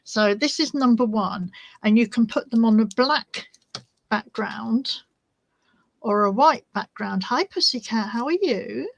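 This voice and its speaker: A woman's voice: a little high, expressive, a little slow, gravelly, dry recording, poor audio. A woman hosting a crafting vlog, chatting casually and easily distracted while she shows her resin swatches. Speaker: crafting channel host.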